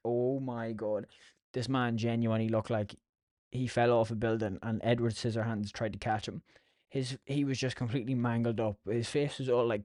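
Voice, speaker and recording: A man's voice: mid-range voice, darkish tone, no echo, clean studio sound. A young Irish man hosting a solo podcast, chatty and self-mocking, swearing freely as he tells his stories. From Ireland. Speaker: podcast host. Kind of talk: casual solo podcast ramble. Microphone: podcast mic.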